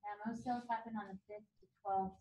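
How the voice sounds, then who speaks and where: A woman's voice: medium pitch, steady tone, fast talker, mellow, dull audio. A woman in the audience of a sales meeting, chiming in with comments and facts from the floor. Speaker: team member in the audience. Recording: roomy, away from the mic.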